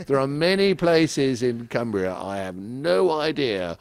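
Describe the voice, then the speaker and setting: A man's voice: mid-range voice, lively intonation, measured pace, gravelly, clear, resonant tone, no echo. A middle-aged man from England, telling rambling anecdotes with frequent chuckles as a podcast guest in casual chat. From southeast England.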